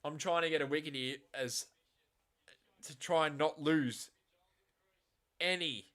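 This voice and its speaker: A man hosting a casual live reaction stream of a match, swinging from quiet muttering to loud, exasperated outbursts and swearing bluntly. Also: a little high, a little slow.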